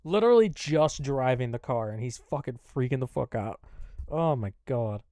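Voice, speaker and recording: A man's voice: medium pitch, expressive, normal speed, mellow, dry recording. A man streaming a reaction, commenting in an exasperated, profane way. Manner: exasperated, profane, laughing asides.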